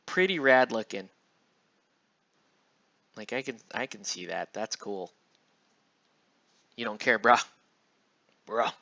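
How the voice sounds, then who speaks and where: A man's voice: medium pitch, slow pace, long pauses, bright, forceful tone. A man casually chatting and rambling while he paints miniatures on a live stream, with loose slangy talk. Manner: laid-back, rambling, slangy. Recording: dull lo-fi stream audio.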